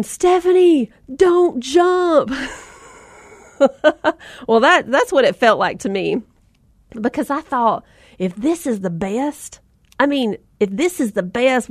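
A woman in her thirties hosts her own podcast, spinning a casual, self-deprecating story straight to her listeners. Her voice sits on the higher side and is captured dry and close, with no room sound around it. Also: dry recording. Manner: chatty, self-deprecating, addresses listeners as mamas. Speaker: podcast host.

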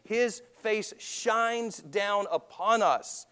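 A man's voice: high-pitched, extremely slow, a bit bright, clear, resonant tone, big-room sound. A man preaching a sermon as pastor, talking conversationally and asking the congregation questions.

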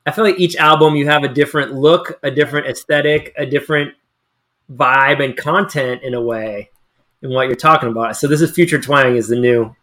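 A man's voice: mid-range voice, steady tone, fairly quick, fairly bright tone. A man co-hosting a podcast, asking curious, rambling questions in a casual chat. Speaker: podcast co-host.

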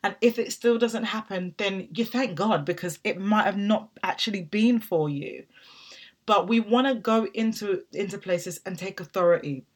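A woman's voice: mid-range voice, normal speed. A woman in her thirties giving an emphatic motivational talk, asking rhetorical questions and checking in with "right?". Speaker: motivational podcast host.

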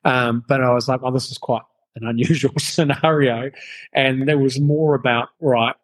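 A man's voice: medium pitch, steady tone, normal speed, rough recording. A man, a podcast guest who tells stories casually, laughs often and swears freely. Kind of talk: casual storytelling interview.

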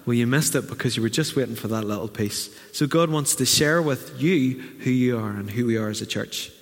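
A man's voice: medium pitch, a little fast. A middle-aged man, preaching a sermon as pastor with earnest delivery and vivid acted asides. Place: church hall. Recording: long reverb of a church hall.

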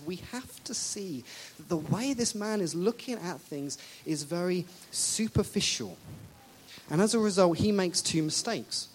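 Animated preacher in conversational sermon. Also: a little hiss or hum. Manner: animated, acts out quoted speakers with big shifts in pitch and loudness; conversational, addresses the congregation directly with questions. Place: church service.

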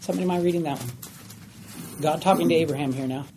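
A woman's voice: sits low, fast talker, noisy background. A woman teaching a Bible study class, emphatic and often questioning her group.

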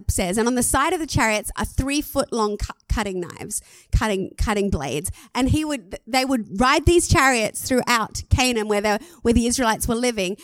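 An Australian woman pastor gives a sermon in a lively, chatty way. Her voice sits a bit high. The sound is dry and close, with little room around it. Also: no room sound. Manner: lively, conversational, laughs at herself.

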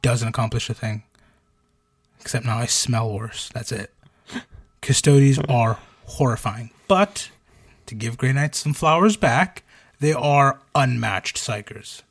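A man's voice: medium pitch, measured pace, husky. Man hosting a casual podcast. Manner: joking, storytelling, many fillers. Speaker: podcast host.

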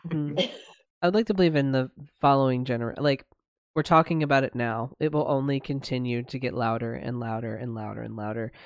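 A man co-hosting a podcast talks in a loose, rambling way, filling gaps with "like" and "um". His voice sits at a middling pitch, and he is recorded dry with no room echo. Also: a little fast. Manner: rambling, filler-heavy talk with laughs. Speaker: podcast co-host. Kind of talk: casual podcast chat.

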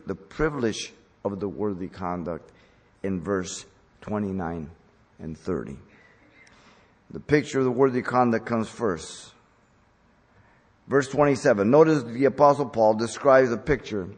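Emphatic male preacher in a reverberant hall. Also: fairly low pitch. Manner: emphatic, stressing key words. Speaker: pastor. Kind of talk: expository sermon. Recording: long reverb from a large hall.

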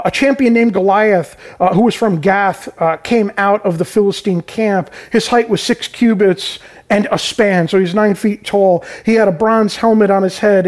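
A man preaching a conversational sermon who explains scripture in everyday terms and keeps checking in with "right?". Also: high voice. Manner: informal, peppered with "right?" and "man".

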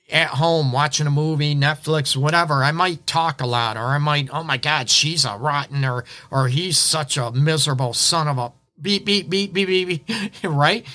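Bright-voiced man giving relationship advice. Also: a little high. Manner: chatty, repeats "right?", acts out little quotes. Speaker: relationship counselor and show host. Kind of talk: casual advice talk.

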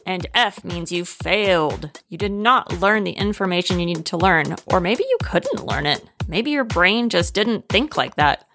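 A mother narrating a children's story, explaining things gently and patiently. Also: fairly low pitch, animated, measured pace, few pauses, over music.

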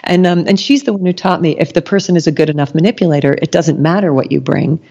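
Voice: mid-range voice, fast, vocal fry, darkish tone, husky. A podcast guest talking casually, rambling with many ums and restarts and acting out quoted lines. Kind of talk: casual conversation. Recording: dull lo-fi sound.

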